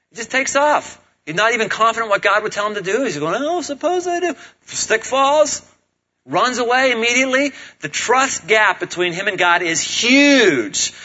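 Brief: casual, joking male pastor, bright and fairly high. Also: muffled recording. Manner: casual, humorous, animated preaching. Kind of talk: sermon.

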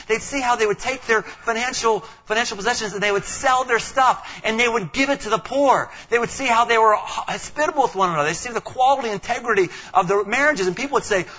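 Animated high-voiced male pastor preaching. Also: fast talker, hardly any pauses, lo-fi sound. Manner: animated, acts out quoted voices, stumbles and repeats words. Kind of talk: sermon.

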